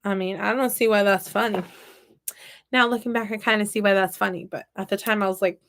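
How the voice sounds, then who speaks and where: A woman's voice: medium pitch, steady tone, a little fast. A woman in her thirties chatting casually and telling playful stories while she repairs toys with her hands. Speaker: toy repair vlogger. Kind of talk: casual chat while crafting.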